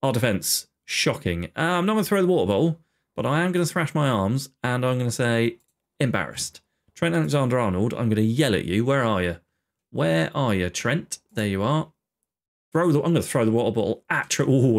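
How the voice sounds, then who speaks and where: A man giving casual, exasperated running commentary on his own video game play, with sarcastic asides about his team. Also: mid-range voice. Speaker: gaming video host.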